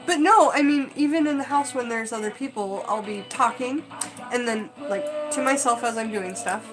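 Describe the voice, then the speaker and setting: A woman's voice: on the high side, normal speed, over music, poor audio. A woman chatting casually on a live stream, rambling with lots of fillers. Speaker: livestream host.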